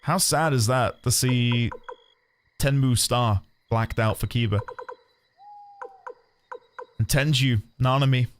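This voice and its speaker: A man's voice: medium pitch, steady tone, slow pace, long pauses, slight background noise. A man streaming a video game, chatting casually and laughing at himself as he corrects his own mistakes. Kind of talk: casual gameplay commentary.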